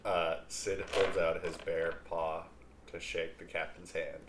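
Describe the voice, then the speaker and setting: A man's voice: sits low, level tone, unhurried, background noise. A man playing a tabletop game, laid-back and amused as he describes what his character does. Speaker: player. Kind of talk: casual tabletop play.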